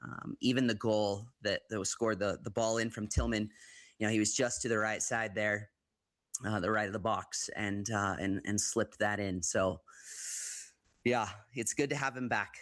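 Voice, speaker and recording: A man from the United States with a lowish voice talks through a football match on a live stream. He hesitates, restarts his sentences and leans on fillers. The sound is dry, with no room around it. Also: fairly even intonation, normal speed, a bit bright, no room sound. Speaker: guest football pundit. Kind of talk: live football commentary chat.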